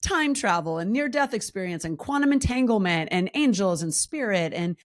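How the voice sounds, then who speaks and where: A woman in her forties, a guest on a podcast, telling a personal story candidly and lively, jumping high in pitch when she acts out what people said. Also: normal speed. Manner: animated, acts out quoted voices with big pitch jumps. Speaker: podcast guest, wellness coach.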